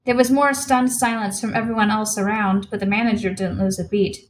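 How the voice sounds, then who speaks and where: A woman narrating her own novel as an audiobook in a measured storytelling voice. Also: mid-range voice, steady tone, a little hiss or hum, poor audio.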